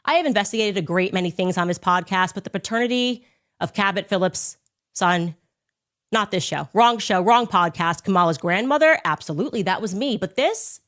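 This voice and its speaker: A woman in her thirties hosting a podcast, telling a story in a sarcastic, animated way. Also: medium pitch, fairly quick. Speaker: podcast host. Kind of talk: storytelling monologue.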